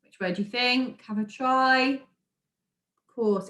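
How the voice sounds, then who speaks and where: A woman's voice: on the high side, expressive, unhurried, a little hiss or hum. A woman with a British accent, a primary school teacher recording a remote lesson, speaking encouragingly and sounding out words for young children. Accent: British English. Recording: echoey room.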